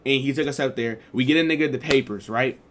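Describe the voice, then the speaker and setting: A man's voice: mid-range voice, fast talker, a bit bright, a little hiss or hum. A young man casually telling a storytime vlog in loose, slangy talk with lots of fillers. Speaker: streamer and vlogger.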